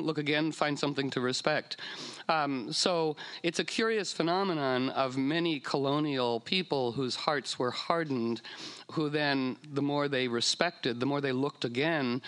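A man's voice: mid-range voice, a bit bright, clean tone. A man telling a story in a loose, meandering way, with frequent fillers and restarts, sometimes slipping into silly voices. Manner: meandering, playful, puts on silly voices for whales. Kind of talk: casual storytelling talk.

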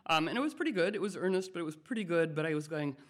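A man giving a rambling, playful talk to a group as a spiritual teacher, drifting between ideas and acting out quotes in lively voices. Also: a little high, racing.

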